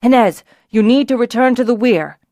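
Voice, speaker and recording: A woman narrator voicing a calm, authoritative male dragonrider leader in a fantasy audiobook, firm and steady. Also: medium pitch, moderate pace, no room sound, studio quality, close to an everyday voice.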